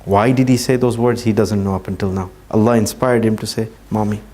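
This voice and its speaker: A man giving a religious talk, telling a story earnestly and slowing down for emphasis. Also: on the low side, fairly even intonation, dark tone. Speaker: Islamic speaker.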